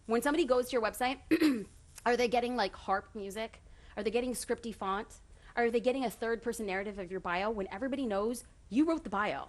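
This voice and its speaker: A woman giving a casual seminar talk on running a photography business, chatty and direct with quick asides. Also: medium pitch. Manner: direct, self-described authoritative.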